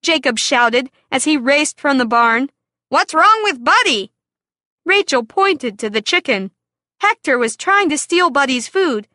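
A woman reading a children's story aloud in a clear, expressive storytelling manner. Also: high voice, measured pace, dry recording, studio quality.

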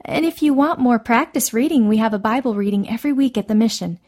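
A woman's voice: fairly high pitch, fast, darkish tone, natural voice. A woman doing an eager young teacher. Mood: encouraging. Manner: eager, encouraging.

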